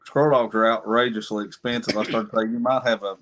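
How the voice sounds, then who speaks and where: A man's voice: lowish voice, steady tone, fast talker, a crowd in the background. A man who is a regular on a casual livestream chat, chiming in with questions and opinions. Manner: chatty, chimes in with questions and opinions.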